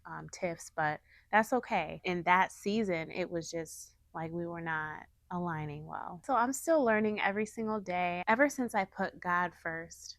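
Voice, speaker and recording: Woman, faith vlogger, earnest and heartfelt, chatty with fillers, lower voice, dry sound. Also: a bit bright, no room sound. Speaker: faith vlogger sharing a testimony. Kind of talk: casual personal testimony to camera.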